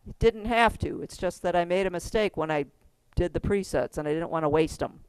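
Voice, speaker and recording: A woman's voice: on the low side, brisk, a little mellow, clear, resonant tone, no room sound. A middle-aged woman teaching a keyboard class, giving step-by-step instructions in a chatty way and laughing often.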